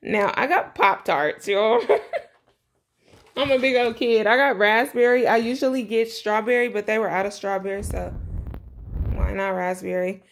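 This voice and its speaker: A young woman vlogs a casual grocery haul from her home kitchen, talking to her viewers in a chatty, blunt way and calling them y'all. Her mid-range voice keeps a steady tone and measured pace, picked up by the camera mic.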